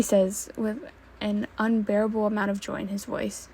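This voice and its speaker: Woman, fanfiction reading, casual, gravelly, dark husky voice. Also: mid-range voice, monotone, normal speed. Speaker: fanfiction reader.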